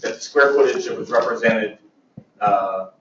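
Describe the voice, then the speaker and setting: A man's voice: lowish voice, normal speed, a bit bright. Distant male student in a roomy classroom. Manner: hesitant storytelling with fillers. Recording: roomy, far from the mic, dull, faint noise.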